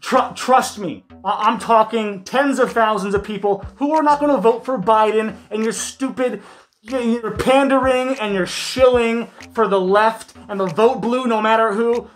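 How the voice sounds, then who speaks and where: A man's voice: high-pitched, unhurried. A man ranting sarcastically over a video clip, heated, mocking and full of swearing. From Michigan, US. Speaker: commentary YouTuber.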